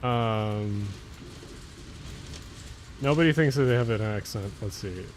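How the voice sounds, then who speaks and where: A man's voice: lowish voice, slow, a little hiss or hum. A man with a Jersey and Philly area accent chatting casually on a late-night livestream, rambling, swearing and running his words together. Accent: New Jersey/Philadelphia. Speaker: streamer.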